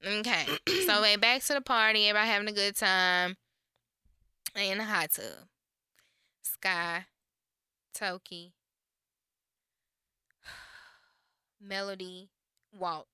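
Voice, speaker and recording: Bright animated woman podcast host. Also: mid-range voice, slow pace, long pauses, smooth, no echo, studio quality. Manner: animated storytelling, acts out quotes, swears freely. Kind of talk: casual chat recapping reality TV.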